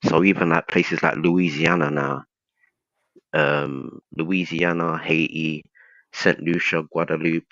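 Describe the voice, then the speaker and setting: British male guest, very low voice, rambling and hesitant, muffled lo-fi call audio. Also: flat delivery, takes it slowly, a bit bright, no room sound. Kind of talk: casual conversation. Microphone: video call.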